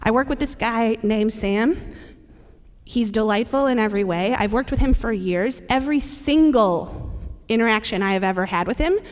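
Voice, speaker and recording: A woman with a somewhat high voice gives a conference talk and speaks to the audience in a relaxed, joking way. Her voice rings out with the long reverb of a large hall. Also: moderate pace. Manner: conversational and humorous, addressing the audience directly. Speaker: presenter at a safety conference. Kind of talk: conference presentation.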